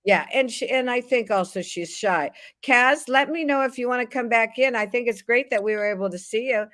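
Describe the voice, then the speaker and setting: A woman's voice: on the high side, fairly quick, rough recording. Affectionate woman hosting a livestream. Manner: warm, calls guests "honey", gets teary. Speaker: host.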